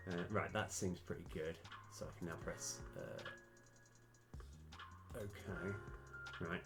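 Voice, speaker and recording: A man live-streaming a game, thinking aloud with lots of fillers and sudden bursts of excitement. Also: low-pitched, takes it slowly, creaky, over music. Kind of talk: live-stream commentary while playing and mapping a game.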